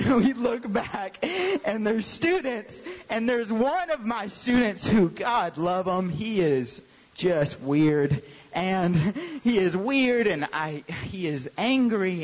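Man preaching, youth pastor, fairly high voice, long hall reverb, dull sound. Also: a little hiss or hum. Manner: animated storyteller, acts out quoted voices. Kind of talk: storytelling sermon.

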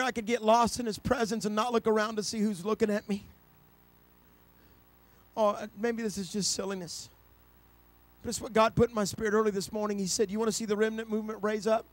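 High-voiced passionate man preaching. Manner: storytelling preacher, builds to loud passionate climax. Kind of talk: sermon.

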